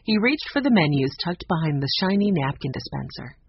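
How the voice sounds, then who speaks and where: An audiobook narrator reading a children's mystery with expressive, lively storytelling. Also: mid-range voice, fairly quick, gravelly, slight background noise. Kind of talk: scripted narration. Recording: dull lo-fi audio.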